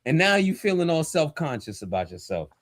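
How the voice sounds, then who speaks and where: A man's voice: a little high, very animated, brisk, dry recording, studio quality. A man, a pastor and podcast co-host, talking in a casual but preachy, emphatic and slangy way. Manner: emphatic and fired up, slangy and direct.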